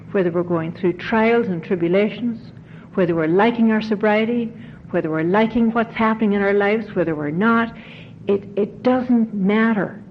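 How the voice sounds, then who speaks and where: A woman giving an earnest, emotional talk to a recovery convention audience, repeating phrases for emphasis. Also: medium pitch. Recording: dull 1990s tape, faint hiss.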